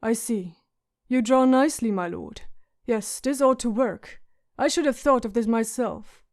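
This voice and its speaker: A woman voicing a polite, measured older castle scholar. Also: a little high, lightly acted. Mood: courteous. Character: courteous learned castle master, older man.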